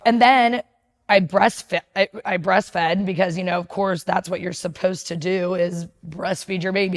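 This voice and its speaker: A woman's voice: lowish voice, steady tone, a little slow. A woman in her thirties candidly telling a personal story, blunt and profane, often laughing and acting out what people said.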